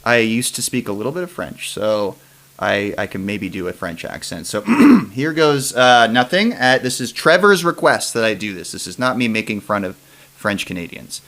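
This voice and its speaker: A man's voice: on the low side, lively intonation, normal speed, fairly bright tone. A man hosting a casual sports podcast, rambling with restarts and trailing off as he reads listener questions. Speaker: podcast host. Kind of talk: casual chat.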